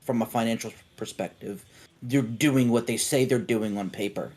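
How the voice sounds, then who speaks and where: A man co-hosting a casual talk show explains a point step by step. He speaks at a middling pitch and pace, and checks in with a quick "right?" as he goes. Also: a little mellow. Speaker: co-host.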